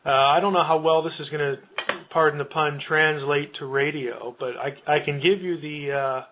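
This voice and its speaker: A man's voice: a little high, steady tone, moderate pace, background noise. Male guest scholar, patient and academic, heard over a tinny phone line. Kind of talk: radio interview explanation.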